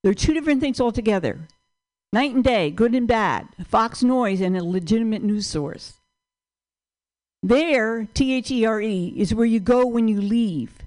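An older woman with a New York accent does stand-up in a small venue, her voice fairly high. She rants brashly and profanely, lecturing the crowd like a stickler. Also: animated, measured pace, a little mellow. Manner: brash, profane, pedantic ranting. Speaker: stand-up comedian.

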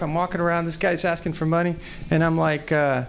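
A man's voice: a little high, fairly even intonation, quick pace, creaky, a bit bright. A man in his forties from Texas doing rambling, profane, self-deprecating stand-up at an open mic in a small comedy venue. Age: 40s.

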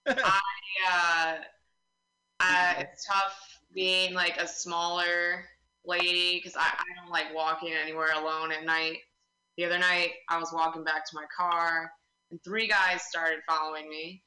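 A young woman doing a stand-up comedy set, telling stories in a deadpan way with quick asides. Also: on the low side, reverberant, poor audio.

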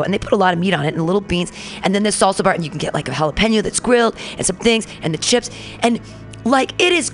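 A woman's voice: medium pitch, gravelly. A woman hosting a talk radio show, telling a long story in a chatty, rambling way, with lots of "like", and acting out the people in it. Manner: chatty, rambling, heavy use of "like", acts out quoted people.

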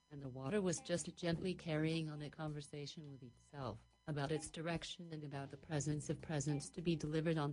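Low-voiced woman telling a rambling story. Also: a little mellow, rough recording. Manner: rambling, dreamy, run-on sentences. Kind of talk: improvised story narration.

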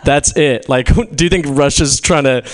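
A man's voice: mid-range voice, normal speed, slight background noise. A young man from California doing a stand-up set in a small venue, rambling, swearing often and laughing at his own jokes. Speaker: stand-up comedian. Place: small comedy venue with a live audience.

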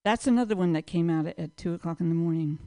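A woman's voice: fairly low pitch, fast talker, mellow, no echo. Rambling woman doing stand-up. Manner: rambling, self-deprecating, sings a joke song. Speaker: stand-up comedian. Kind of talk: open mic stand-up set.

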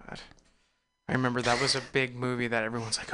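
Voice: mid-range voice, little pitch movement, quick pace, pushed and bright, smooth. An easygoing host leading a casual radio chat with guests, laid-back and joking.

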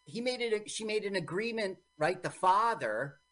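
A woman co-hosting a radio show, bantering playfully about a movie, jokey and quick to interrupt. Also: mid-range voice, lively intonation, a bit bright. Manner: joking, quick to interrupt and argue. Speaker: radio co-host. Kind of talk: casual banter while watching a movie. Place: radio studio.

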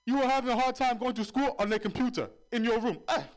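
A lecturing, scoffing old father as a man puts him on in a stand-up bit, pitched sharply higher than the comedian's own voice. He waves off every complaint and brags about the hardship of his own youth. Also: steady tone, fast talker, slight background noise. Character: gruff dismissive immigrant father, older man.

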